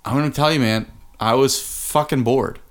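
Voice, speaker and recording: A man's voice: mid-range voice, moderate pace. A man co-hosting a podcast in casual chat, swearing freely and trailing off mid-sentence. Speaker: podcast co-host.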